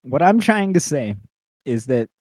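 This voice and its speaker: A man's voice: on the high side, very animated, a little slow, darkish tone, no echo. A young man co-hosting a podcast in casual, profane chat while eating. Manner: profane, laid-back, eating while talking. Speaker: podcast co-host.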